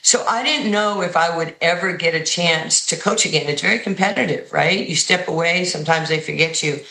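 A woman coach with a New York accent tells stories in an interview, acting out the people she quotes. Her voice is bright and forceful. The sound is roomy, with echo around her. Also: lowish voice, brisk, creaky. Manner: animated storyteller who acts out quoted voices. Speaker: basketball head coach. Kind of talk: radio and TV interview guest, storytelling.

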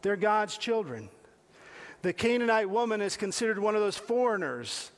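Man, conversational preacher with a high voice, asks the congregation questions and repeats phrases. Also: big pitch swings, moderate pace. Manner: talks directly to listeners with questions, repeating phrases. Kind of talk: conversational sermon.

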